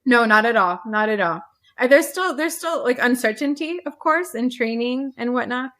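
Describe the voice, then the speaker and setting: Guest, woman airline pilot: sincere, faith-driven, slightly high voice, repeats key lines. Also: expressive, moderate pace, fairly bright tone. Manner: earnest, repeats phrases for emphasis. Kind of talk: faith-filled interview talk.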